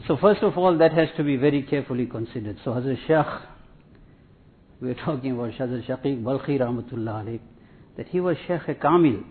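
A man giving a sermon as a preacher, in a measured, repetitive teaching cadence with religious terms. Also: medium pitch. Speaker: Islamic preacher. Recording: tinny phone-like sound.

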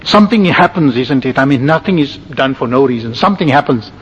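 A man's voice: mid-range voice, lively intonation, brisk, breathy edge. A man giving a religious lecture, instructing his listeners step by step and checking in with "all right?" as he goes. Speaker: Islamic preacher. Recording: dull lo-fi recording with long hall reverb.

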